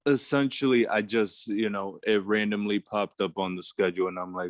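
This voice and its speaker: Brief: sleep-deprived male co-host, lowish voice, dry close sound, easygoing and a bit profane. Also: fairly even intonation, fairly quick, few pauses, no echo. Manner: loose and laid-back, swears casually. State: short on sleep. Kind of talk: casual video-call chat.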